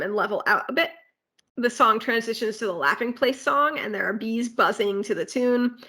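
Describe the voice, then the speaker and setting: A woman's voice: fairly high pitch, sharp tone. A woman co-hosting a podcast, casually walking through a theme park ride with plenty of fillers and asides. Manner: rambling ride walkthrough with filler words and asides. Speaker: podcast co-host.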